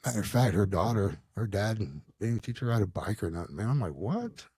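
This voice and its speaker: A man guesting on a podcast, telling a personal story in an animated, slangy way, calling the listener dude and bro. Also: on the low side, fast talker, husky, no room sound. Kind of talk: casual storytelling.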